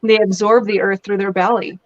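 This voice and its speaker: A woman speaks as an interview guest, chatty and expressive as she tells stories at length. Her voice sits in a middle range. The audio is slightly dull and muffled. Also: medium pitch, brisk. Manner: chatty, animated storytelling with laughs. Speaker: guest actress. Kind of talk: casual interview chat.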